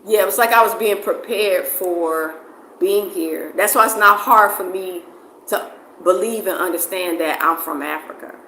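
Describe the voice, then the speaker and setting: Bright, rambling middle-aged New Jersey woman. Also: lowish voice, moderate pace. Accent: New Jersey mixed with Southern US. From New Jersey, USA. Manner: loose and rambling, with many "like" fillers and repeats. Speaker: interviewee. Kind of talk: casual conversation. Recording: roomy echo with faint background noise.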